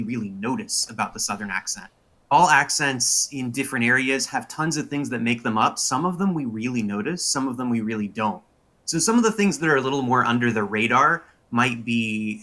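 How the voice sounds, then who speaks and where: A man's voice: medium pitch, pushed and bright. A young man, a linguistics professor, explaining in a casual way with many filler words. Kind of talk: interview answers.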